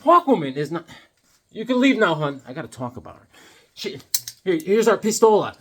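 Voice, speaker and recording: A man hosting a comic book video, riffing in a joking, rambling, animated way. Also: high-pitched, fairly quick. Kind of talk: comedic casual monologue.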